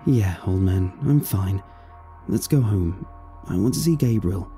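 A man narrating a storybook, voicing a calm middle-aged woman who gently reassures her husband. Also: sits low, unhurried, soft background music. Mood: warm.

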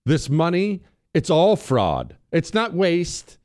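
A man's voice: on the high side, huge pitch swings, takes it slowly, darkish tone. A man hosting a political talk show, ranting sarcastically and reading an ad. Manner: sarcastic, mocking, heated. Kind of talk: ranting political monologue with ad read.

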